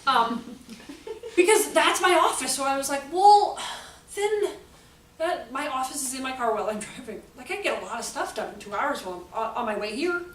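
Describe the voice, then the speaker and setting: A woman's voice: high voice, animated, fast talker, a bit bright. Chatty woman presenter in an echoey room. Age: adult. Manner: storytelling, chatty, laughs often, acts out voices. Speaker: workshop presenter. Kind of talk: animated talk to a workshop. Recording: roomy echo, from a distance, faint room noise.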